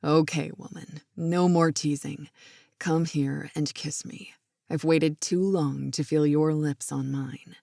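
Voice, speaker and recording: A woman voicing a smitten grown man in a romance audiobook, speaking low, soft and affectionate. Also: steady tone, slow pace, vocal fry, no echo, clean studio sound, heavily acted. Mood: playful. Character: smitten man in his thirties, tender, playful.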